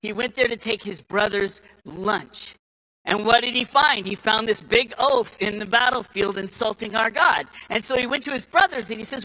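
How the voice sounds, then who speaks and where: A man speaking to a live audience in a folksy, storytelling way, often restarting his sentences and acting out the people he quotes. His voice sits high for a man, with a very bright, sharp edge. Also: normal speed, poor audio. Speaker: speaker at a political summit.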